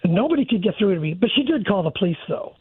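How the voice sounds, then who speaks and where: A man calling in to a radio show, telling a frightening story in a halting way over the phone. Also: high voice, big pitch swings, husky, no room sound. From San Francisco area. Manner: halting, many fillers and restarts. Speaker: caller. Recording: tinny phone line.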